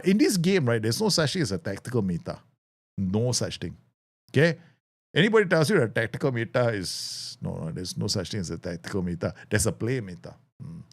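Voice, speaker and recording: A man streaming a football management game, chatting casually, laughing often and breaking into excited outbursts. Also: mid-range voice, vocal fry. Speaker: gaming streamer. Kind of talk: casual live game commentary.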